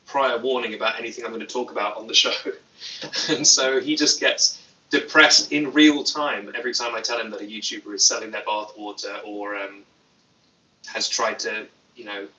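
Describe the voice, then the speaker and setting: A man's voice: fairly low pitch, fairly even intonation, normal speed, sharp tone, echoey room, distant mic, poor audio. A young British man hosting a casual livestream, reading chat aloud with dry, self-mocking humor. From Britain. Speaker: YouTube host. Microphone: phone.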